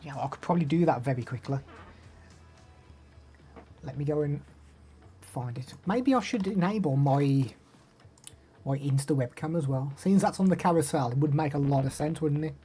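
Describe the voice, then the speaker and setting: A man's voice: a little high, moderate pace, long pauses, mellow, faint music behind. A young man with an English Midlands accent, chatting casually on a live stream, reading out viewer names and answering them. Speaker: live streamer demoing microphones.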